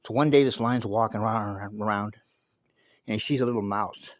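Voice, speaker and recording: A man's voice: lowish voice, normal speed, no room sound, studio quality. A man giving a casual spoken monologue and telling a story, emphatic and profane, often repeating words as he goes.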